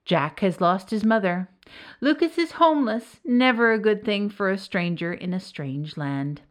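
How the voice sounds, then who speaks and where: A woman's voice: medium pitch, animated, unhurried, lightly acted. A woman voicing an old witch in a storybook reading, gloating and ominous, sometimes sinking to a whisper. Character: old witch Baba Yaga, female, ominous.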